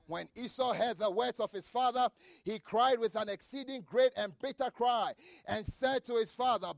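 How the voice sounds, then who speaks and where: Man, preacher, very high pitch, dry close sound, shouted emphasis, repeats lines. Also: normal speed, vocal fry, no room sound. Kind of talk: sermon with scripture reading.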